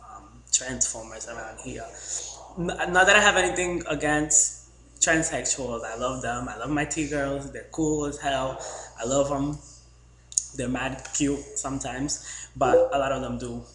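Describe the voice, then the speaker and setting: A man's voice: medium pitch, fairly bright tone. A man from the Boston area telling a rambling, joking story to his camera with lots of fillers. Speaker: vlogger. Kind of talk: casual storytelling vlog. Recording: echoey room, faint background hum.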